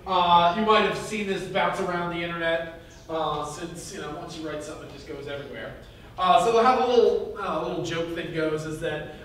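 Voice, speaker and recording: High-voiced pastor in an echoey hall. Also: male voice, a bit bright. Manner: conversational, rambling with fillers and restarts, chuckles while telling a joke. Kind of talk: casual sermon. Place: church hall. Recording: echoey hall from far off, faint noise.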